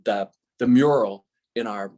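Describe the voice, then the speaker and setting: Animated man telling a funny anecdote. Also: on the low side, unhurried. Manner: animated, acts out dialogue with many fillers and restarts. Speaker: storyteller. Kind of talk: casual spoken anecdote.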